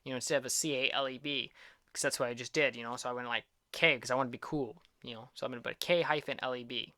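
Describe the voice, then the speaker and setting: Bright, self-deprecating young man. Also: mid-range voice, fairly even intonation, fast talker, no room sound, clean studio sound. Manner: rambling, self-deprecating, upbeat. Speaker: art channel host. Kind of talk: casual chat.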